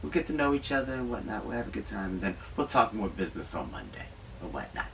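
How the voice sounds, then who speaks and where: A man's voice: on the low side, very animated, quick pace, vocal fry, fairly bright tone, far from the mic, slight background noise, heavily acted. A man voicing a chatty older woman who breezily invites a guest along. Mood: breezy.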